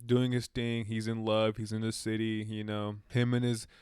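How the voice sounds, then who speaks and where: A man giving a casual movie review rant, excitable and profane, rambling with restarts and self-corrections. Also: lowish voice, normal speed, clear, resonant tone, no echo, clean studio sound.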